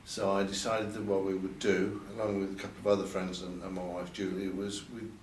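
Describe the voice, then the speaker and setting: With a deep voice and flat delivery, an older man speaks fairly quickly while reminiscing in a candid interview. He hesitates, repeats words, and raises his voice when quoting others. Recorded at an event venue, the sound is roomy from a distant mic, with faint ambience and slight hiss or hum.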